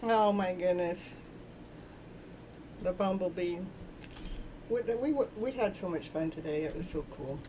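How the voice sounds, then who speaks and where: A woman's voice: on the low side, measured pace, pauses often, mellow, a little hiss or hum, poor audio. A woman hosting a live tarot stream, chatting casually in a giggly, playful, rambling way. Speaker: live tarot reader and show host.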